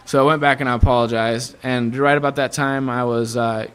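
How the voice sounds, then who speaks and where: A man's voice: medium pitch, fairly quick, clear, resonant tone. A young man from Iowa, a guest musician, telling casual stories in an interview and acting out the voices of the people in them. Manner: animated storyteller who acts out quoted voices.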